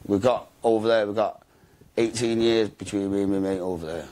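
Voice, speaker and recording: A man telling his story in an interview, rapid and slangy, swearing and calling everyone mate and bro. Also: lowish voice, fairly even intonation, a little mellow.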